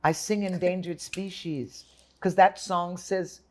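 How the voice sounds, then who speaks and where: An older woman telling her story in an interview, lively and dramatic, acting out the voices of others. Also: lowish voice, takes it slowly. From Jamaica and United States. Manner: animated storyteller, acts out voices. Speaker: guest.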